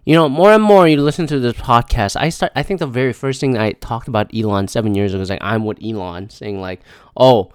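A man in his mid-thirties, recorded dry and close, talking on his own podcast in a loose, rambling, foul-mouthed rant. His voice is smooth and resonant at a middle pitch, and he keeps drifting off on tangents. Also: fast, hardly any pauses, no echo. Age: 30s. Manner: profane, rambling, animated. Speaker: podcast host. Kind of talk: casual solo podcast rant.

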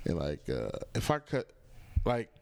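A man's voice: low voice, wildly swooping pitch, slow pace, vocal fry, darkish tone. A man who works as a comedian, talking as a guest in a casual chat. He rambles, swears freely and acts out what other people said. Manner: rambling, profane, acts out quotes.

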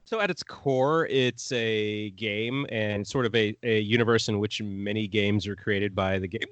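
A man in his forties, a guest on a podcast, talking in a laid-back, halting way while he has the hiccups. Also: fairly low pitch, a bit bright, dry recording, dull audio. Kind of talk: casual podcast chat.

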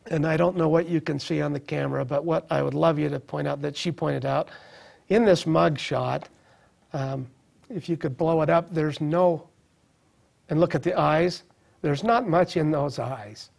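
Gravelly, husky man giving earnest testimony. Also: on the high side, normal speed, darkish tone. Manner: earnest, reflective, with restarts. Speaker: guest sharing recovery story. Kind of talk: personal testimony in interview.

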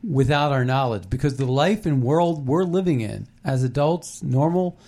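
A man's voice: medium pitch, normal speed, dark tone. A man co-hosting a casual commentary chat, rambling with many fillers and restarts. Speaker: podcast co-host.

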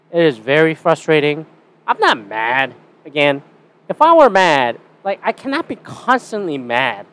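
A man's voice: a little high, a bit bright, clean tone. A young Canadian man hosting a casual solo podcast, rambling and swearing with a sarcastic edge. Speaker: podcast host.

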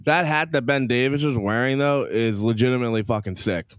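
A man's voice: medium pitch, fairly quick, clear, resonant tone, dry recording. A man hosting a podcast, talking bluntly and profanely while watching a game. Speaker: podcast host.

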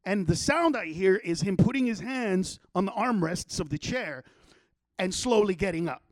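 A man's voice: sits high, lively intonation, moderate pace, dry recording, clean studio sound. A man telling a long, profane story in casual chat, acting out the quotes.

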